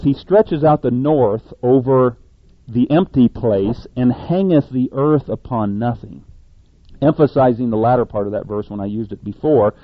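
A man's voice: mid-range voice, dry recording, phone-quality sound. A man preaching a sermon in a folksy, conversational way, often stumbling over words and correcting himself.

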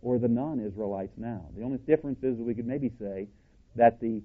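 Man, preacher, emphatic sermon delivery, slows for quotations, tinny narrow sound. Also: mid-range voice, husky. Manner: emphatic, slows down to read quotes. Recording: tinny phone-like audio.

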